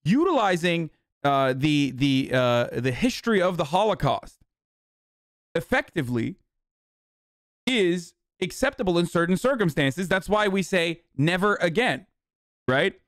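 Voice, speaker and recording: A male streamer talks over clips in a fast, swear-heavy ramble. His voice sits somewhat high and sounds close and dry on a desk microphone, with no room sound. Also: big pitch swings, no room sound. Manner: fast, profane, rambling reactions. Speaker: streamer host. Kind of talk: live stream commentary.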